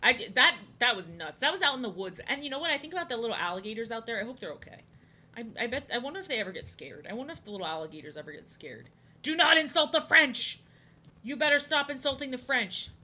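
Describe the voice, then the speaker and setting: Bright-voiced woman chatting while drawing. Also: a little high, big pitch swings, very fast, slightly rough. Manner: rambling, jokey, repeats herself. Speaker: streamer. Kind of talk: casual chat while drawing. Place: home, indoors.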